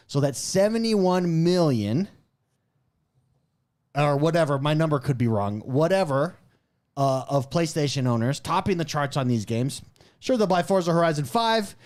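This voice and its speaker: A man co-hosting a casual gaming podcast, opinionated and animated, laughing often. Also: on the high side, normal speed. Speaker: podcast co-host.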